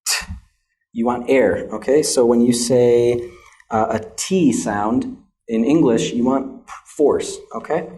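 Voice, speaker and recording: A man's voice: mid-range voice, slow pace, mellow. A young American man teaching English pronunciation in a classroom lesson, patient and checking in with a frequent "okay?".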